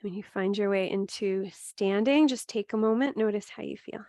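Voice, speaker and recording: A woman teaching a gentle yoga class, giving steady cues with chatty asides and laughing at her own slips. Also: medium pitch, moderate pace, dry recording, studio quality. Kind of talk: guided yoga class instruction.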